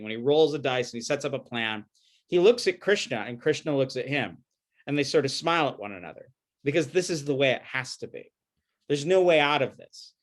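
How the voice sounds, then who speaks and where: A man's voice: a little high, fairly bright tone. A man giving a recorded lecture, telling a story with animation and acting out the quoted lines.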